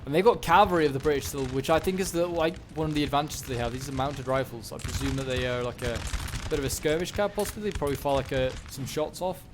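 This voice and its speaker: Man rambling over loud game gunfire. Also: on the high side, fast, background noise. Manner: rambling, musing aloud with many fillers. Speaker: gaming commentator. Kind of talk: casual game commentary. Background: game battle sounds, gunshots.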